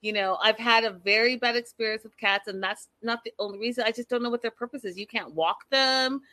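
A woman's voice: a little high, brisk, sharp tone. A woman hosting a casual chat show, blunt and profane, reacting with emphatic opinions. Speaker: show host.

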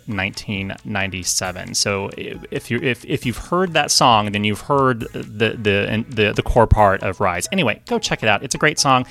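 A man's voice: on the low side, fairly bright tone. A man co-hosting a music podcast, presenting a chart fact in a chatty, jokey way and laughing often. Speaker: podcast co-host. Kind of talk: casual podcast chat.

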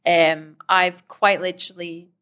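A woman's voice: lowish voice, level tone, measured pace, a bit bright. A young woman, a Muay Thai fighter, chatting casually in an interview, laughing often and using lots of fillers.

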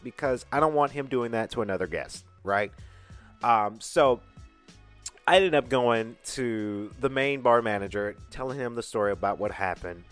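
A man's voice: medium pitch, normal speed, soft background music. A man from Atlanta hosting a podcast, telling a story in a casual, emphatic way and acting out the dialogue. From Atlanta, USA. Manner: animated, emphatic retelling with quoted dialogue. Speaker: podcast host.

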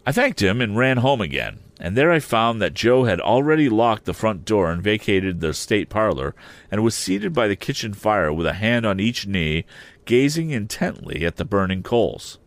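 A man narrating an audiobook of a classic novel in a measured storytelling manner. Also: fairly low pitch, very animated, no echo. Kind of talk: scripted narration.

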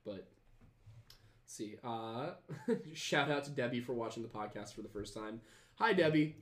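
A man's voice: medium pitch, expressive, unhurried, fairly bright tone. Guy hosting a podcast, reading comments, lots of ums and restarts, roomy echo. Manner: rambling, hesitant, lots of fillers and restarts. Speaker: podcast host. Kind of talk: casual chat, reading viewer comments.

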